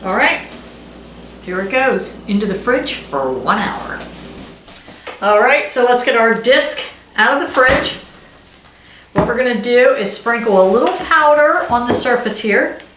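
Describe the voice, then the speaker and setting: In her echoey home kitchen, with dishes clattering and slight background noise, a middle-aged woman chats through a casual cooking vlog. Her fairly bright, higher voice has lively intonation; she talks a little slowly and pauses often, reading recipe steps aloud and making self-deprecating asides.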